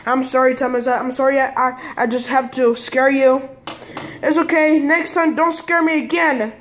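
A woman in a repetitive, halting pretend-play dialogue at home, speaking both sides of the chat and recorded on a phone camera. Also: high-pitched, steady tone, a little hiss or hum.

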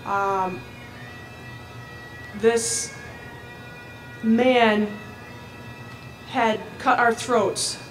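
Slow, flat-voiced woman in an echoey room. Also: a little high. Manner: halting, measured. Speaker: speaker giving a personal testimony. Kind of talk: testimony. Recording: echoey, distant, soft music behind.

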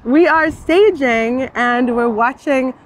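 A woman's voice: high voice, takes it slowly, a little hiss or hum. A woman vlogger chatting casually outdoors at a car event, bubbly and laughing often. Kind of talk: casual vlog chat.

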